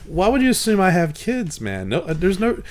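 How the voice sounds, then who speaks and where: A young man on a casual podcast, rambling through a story and stumbling over restarts as he acts out what people said. His voice sits a bit high and he sounds slightly wheezy from a recent illness. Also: wildly swooping pitch, a little fast, darkish tone. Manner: rambling storyteller, many restarts and acted-out quotes. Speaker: podcast co-host. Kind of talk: casual chat.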